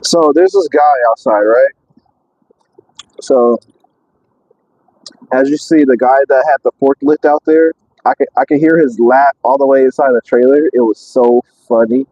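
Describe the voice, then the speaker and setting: Rambling truck driver on a live stream. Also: male voice, mid-range voice, moderate pace, pauses often, dull audio. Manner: rambling, excitable, lots of fillers and repeats. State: out of breath. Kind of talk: casual live-stream chat. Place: in and around a truck.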